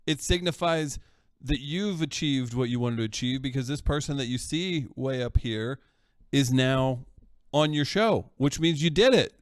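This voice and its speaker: Supportive co-host on a dry mic. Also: male voice, medium pitch, moderate pace, no echo. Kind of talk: casual podcast chat.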